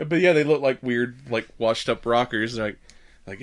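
Speaking a little slowly in a mid-range voice and leaving long pauses, this man co-hosts a podcast. He rambles through a casual movie recap, laughs a lot, swears, and performs the characters' quotes.

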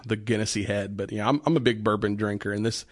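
A man co-hosts a casual podcast segment, talking in a loose, rambling way and often restarting his sentences. His voice sits low. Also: fairly even intonation, fast talker, no room sound, clean studio sound. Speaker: podcast co-host. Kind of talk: casual chat reviewing beer.

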